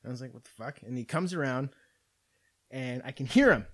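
A man's voice: medium pitch, fairly quick. A young man hosting a podcast, ranting in casual, profane storytelling about everyday annoyances. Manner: profane, animated storytelling rant. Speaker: podcast host.

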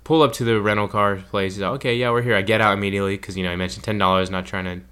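A man co-hosting a podcast, casually retelling a trip in a rambling, animated way. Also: low voice, very fast, smooth. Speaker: podcast co-host. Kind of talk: casual storytelling chat.

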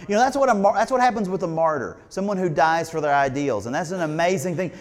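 Here a man gives a sermon in a church sanctuary as pastor, keeping it conversational and asking his congregation questions. He speaks a little fast in a slightly high voice with lively intonation, and a long reverb tail trails his words.

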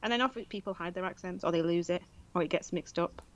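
A woman's voice: fairly low pitch, fast talker, muffled recording. A woman from southern England chatting casually as podcast co-host, laughing and acting out little quotes. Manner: laughing, animated quoting of others. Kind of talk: casual chat.

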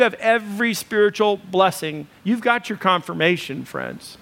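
A man's voice: high voice, expressive, moderate pace, gravelly, hardly any pauses, a bit bright. A male pastor preaching a sermon in a conversational style with many fillers, building to emphatic repeated lists.

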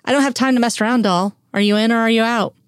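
A woman's voice: fairly high pitch, steady tone, quick pace, clear, resonant tone, no echo, studio quality, lightly acted. A woman reading an audiobook, voicing a cocky, slick young man with a pushy, sarcastic manner. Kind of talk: audiobook character voice.

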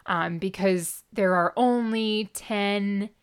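A woman's voice: medium pitch, slow, smooth. A woman co-hosting a casual podcast, wryly recapping a book and reading passages aloud. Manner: wry, animated, reads passages aloud. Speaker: podcast co-host reviewing a book. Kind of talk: casual chat.

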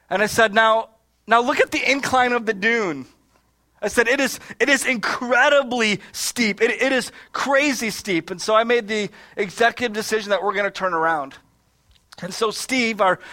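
A man from Michigan delivers a sermon in a storytelling way, slipping into quoted asides and restarting his phrases often. His voice sits high and sounds bright and forceful. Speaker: pastor.

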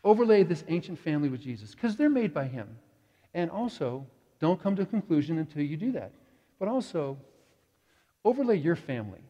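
Animated preacher in a reverberant church. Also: male voice, fairly high pitch, muffled recording. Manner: animated storytelling with quoted voices. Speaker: pastor. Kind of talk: sermon. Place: church sanctuary.

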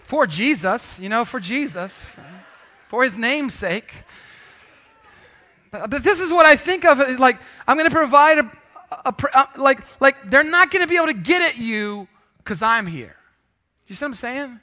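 A man preaching in church as pastor, telling a jokey story with sudden loud bursts. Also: extremely high pitch, animated, moderate pace. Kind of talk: sermon with storytelling.

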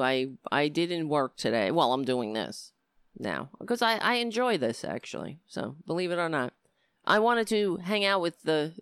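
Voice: medium pitch, a bit bright, clean tone, no echo, clean studio sound. A middle-aged livestream host talking straight to viewers, ranting in a heated, profane way and sometimes slipping into easygoing chat. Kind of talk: casual livestream talk.

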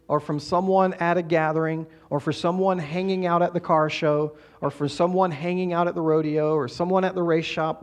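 A middle-aged man preaches a Sunday sermon in a church sanctuary, his voice sitting a little high for a man. He talks to the congregation conversationally and drops in quick asides to keep them with him. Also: a little mellow. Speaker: pastor.

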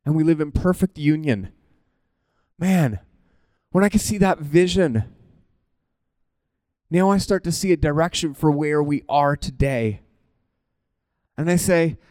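A man preaching a conversational sermon in an animated, informal way, often breaking off mid-thought and laughing at himself. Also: fairly high pitch, measured pace, pauses often, clear, resonant tone, dry recording.

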